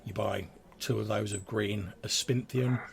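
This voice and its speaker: A man narrating as game master in a relaxed, filler-heavy way. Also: lowish voice, measured pace, gravelly, noisy background. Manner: relaxed, hesitant descriptive narration with many fillers.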